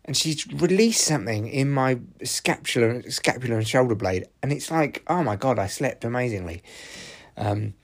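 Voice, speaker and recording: A man's voice: medium pitch, animated, normal speed. A man hosting a solo podcast, ranting and swearing freely with frequent restarts. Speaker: podcast host.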